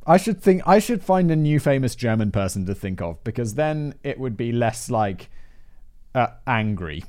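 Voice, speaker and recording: He's a podcast host in his thirties, medium-pitched and a little mellow, reading a script while drifting into chatty, rambling asides and tangents and laughing frequently.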